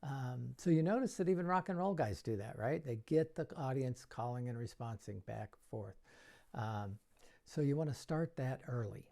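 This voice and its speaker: A man's voice: medium pitch, expressive, normal speed, gravelly, warm tone. A middle-aged man coaching magicians in a chatty tutorial, acting out playful kids' show banter. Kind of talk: casual tutorial talk.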